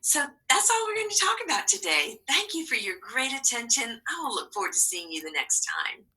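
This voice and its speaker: A woman teaches a recorded phonics lesson to young children, sounding out syllables slowly and clearly. Her voice is very bright and sharp, with a lively, sing-song rise and fall. She sits a little away from the microphone. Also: a little high, distant mic, rough recording.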